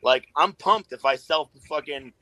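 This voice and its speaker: A man's voice: fairly high pitch, measured pace, pushed and bright, dry recording, low-quality recording. A middle-aged man talking casually as a podcast guest, swearing constantly and rambling through his stories in a laid-back way. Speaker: guest, tattoo artist.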